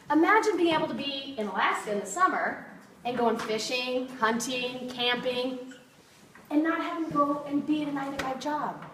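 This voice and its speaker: The speaker is a kitchenware party consultant, laughing and bubbly as she demonstrates products to an audience in a meeting room and fires questions at them. Her voice is high-pitched and a bit bright. Sound comes from far away in an echoey, noisy space.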